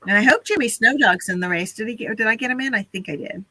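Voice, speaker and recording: A woman's voice: on the high side, fast talker, bright, forceful tone, dry recording, rough recording. A woman hosting a casual live stream, chatty and laughing often as she talks to her viewers.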